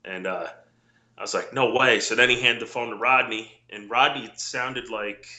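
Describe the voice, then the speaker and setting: A former wrestler, a middle-aged man guesting on a casual storytelling interview, has a very bright, forceful, mid-range voice and speaks at normal speed. He rambles through anecdotes with many restarts, acting out the quotes of the people he describes. His voice rings in an echoey room.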